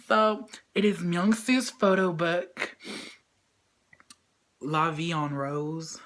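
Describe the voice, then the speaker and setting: A woman's voice: on the high side, measured pace, a bit bright. A young woman at home unboxing a photobook in a casual vlog, gushing and squealing, dropping now and then to a whisper. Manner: gushing, squealing fangirl, swings between shrieks and whispers.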